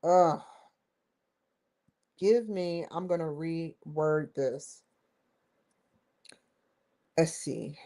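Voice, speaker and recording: Slow-talking woman thinking aloud. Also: deep voice, poor audio. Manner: mutters to herself, bursts of excited exclamations. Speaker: host. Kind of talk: casual study vlog, thinking aloud.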